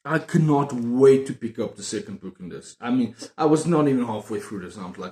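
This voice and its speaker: A man chatting casually about books on his video channel, excitable and prone to repeating himself. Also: medium pitch, fairly quick, few pauses. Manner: excitable, repeats words and phrases. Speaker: book vlogger. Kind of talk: casual book review chat. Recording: roomy echo.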